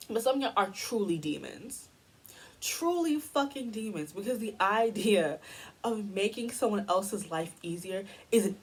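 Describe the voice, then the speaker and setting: A young woman delivers a heated, profanity-laced commentary rant. Her voice is slightly husky and sits at a middle pitch. She sounds exasperated and blunt throughout. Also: poor audio. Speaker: commentary YouTuber. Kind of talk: ranting commentary.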